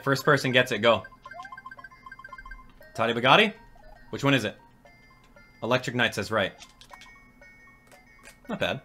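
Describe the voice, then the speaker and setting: Hosting a gaming channel, a young man with a medium-pitched voice delivers excitable, jokey live commentary as he plays. He reads out viewers' chat and responds to it.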